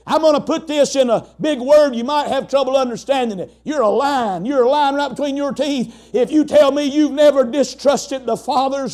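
A man's voice: extremely high pitch, darkish tone. A man preaching a sermon in an emphatic, folksy way, asking the congregation rhetorical questions.

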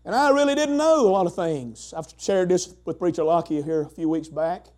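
A middle-aged man preaching a sermon, moving between shouted preaching and quiet storytelling, with frequent "uh" fillers. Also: sits high, brisk. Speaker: pastor.

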